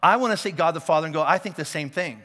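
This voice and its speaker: A man's voice: on the high side, very fast, a bit bright, long reverb tail. A man preaching a sermon as a pastor, talking conversationally and checking in with listeners, often restarting his words. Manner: repeats and restarts words as he thinks. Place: church auditorium.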